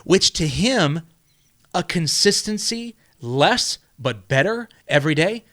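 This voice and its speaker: Rambling higher-voiced male podcast host. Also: sing-song, takes it slowly, fairly bright tone. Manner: rambling, repeats words, asks "right?" often. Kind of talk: casual motivational chat.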